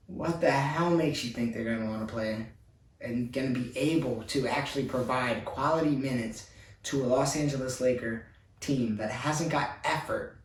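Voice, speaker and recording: An exasperated man rants as a frustrated basketball fan, piling up complaint after complaint. His voice sits a little high for a man. It comes from some distance off the mic, in a room with a roomy echo. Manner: exasperated, repetitive ranting.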